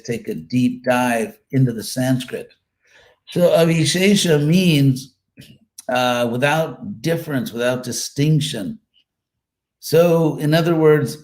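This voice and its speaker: A man giving a live scripture class, explaining words one by one in a relaxed, thinking-aloud way with fillers and repeated phrases. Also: medium pitch. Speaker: Sanskrit scripture teacher.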